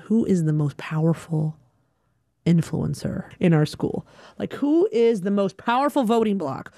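A woman from Alabama telling a personal story in a lively way, acting out the dialogue. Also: on the low side, a little slow, no echo, studio quality. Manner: animated, acts out dialogue.

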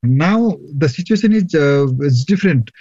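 A man from Nepal, a hospital medical superintendent, answering interview questions haltingly with many fillers. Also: on the high side, animated, warm tone, no echo. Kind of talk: phone interview. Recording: dull lo-fi line, dry.

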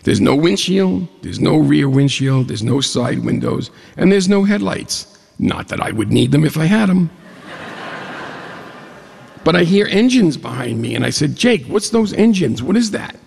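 A man telling a humorous personal story to an audience, animated, jumping up in pitch when he quotes dialogue. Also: unhurried, creaky, slightly rough. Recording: long hall reverb.

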